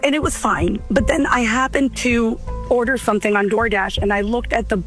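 Female caller, earnest storyteller, high voice, faint music under. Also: moderate pace. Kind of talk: telling a personal story on radio.

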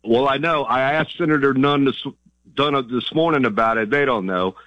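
A man's voice: medium pitch, moderate pace, no room sound. A man with a Virginia accent phoning in to a talk radio show. His voice comes through a dull, muffled phone line and sounds dry. He talks in a chatty way and turns indignant when he is worked up. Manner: chatty and good-humored, indignant. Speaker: caller.

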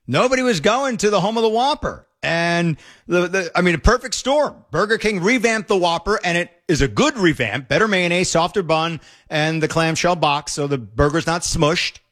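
Middle-aged male talk radio host, opinionated, sarcastic, rambling; a touch higher than most men. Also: lively intonation, normal speed, fairly bright tone.

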